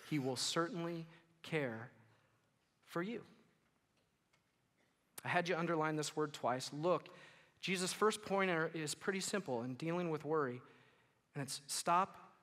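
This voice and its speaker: Man, pastor, sermon, animated, bright tone, long church echo. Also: a little high. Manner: animated, acts out worried listeners and quotes with rising volume. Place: church sanctuary. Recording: long hall reverb of a church.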